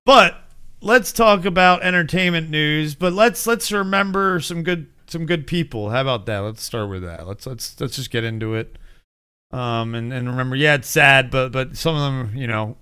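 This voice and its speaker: A man's voice: medium pitch, normal speed, pushed and bright, clear, resonant tone. A man in his forties from the United States, hosting a casual entertainment news chat, rambling and swearing with frequent laughs. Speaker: host.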